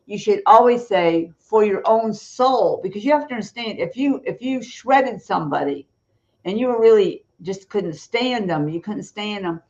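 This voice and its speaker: A woman's voice: mid-range voice, lively intonation, moderate pace, a little mellow, muffled recording. A woman guest on a Christian talk show, speaking bluntly and emphatically about prayer and sin, laughing between her points. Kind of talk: blunt preaching-style talk.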